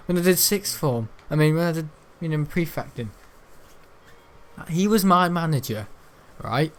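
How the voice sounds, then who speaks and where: A man's voice: on the high side, normal speed. A lad in his late teens, streaming a game and rambling through stories. His chat is loose and jokey, and laughter keeps slipping in. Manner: joking, rambling, laughs often. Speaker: gaming streamer. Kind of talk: rambling casual chat over gameplay.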